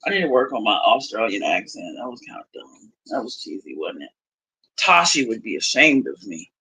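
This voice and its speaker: A woman's voice: rumbling low, very animated, moderate pace, bright, forceful tone, breathy edge, poor audio. A young woman hosting a casual livestream chat. She talks bluntly, swears freely and laughs often. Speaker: livestream host.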